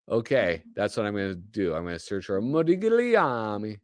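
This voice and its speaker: A man's voice: lowish voice, big pitch swings, moderate pace, few pauses, smooth, no echo, clean studio sound. A man hosting a live show, chatting casually with rambling, joking asides that trail off mid-thought. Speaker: host. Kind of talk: casual live-stream commentary.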